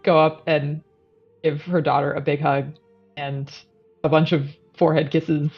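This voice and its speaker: A woman player in a casual tabletop game who talks slowly in a low-set, laid-back voice. Her recording is dull and lo-fi. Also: little pitch movement, breathy edge, faint music behind.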